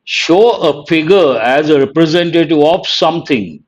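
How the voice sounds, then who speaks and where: Male teacher, slightly high voice, very slow and deliberate, dull lo-fi stream audio. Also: expressive. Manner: slow, deliberate, reading out words one at a time. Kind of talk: live online vocabulary lesson.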